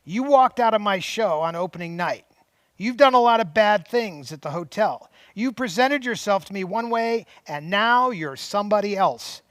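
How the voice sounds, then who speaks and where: A man reading aloud and voicing a middle-aged actress confronting her husband in sharp, accusing tones. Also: high-pitched, expressive, normal speed, no room sound, studio quality, pitched above the performer's own voice. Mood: indignant.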